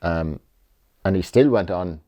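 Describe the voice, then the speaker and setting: A man's voice: low-pitched, a little slow, dull audio. A middle-aged Irish man, a retired jockey, rambling through memories in a casual interview, repeating himself and swearing freely. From Ireland.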